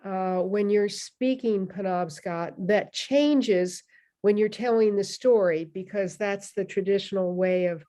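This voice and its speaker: A woman asks a question in a measured, careful way. Her voice is at an ordinary pitch. She is heard over a video call. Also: dark tone. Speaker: audience member asking a question. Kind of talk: polite question.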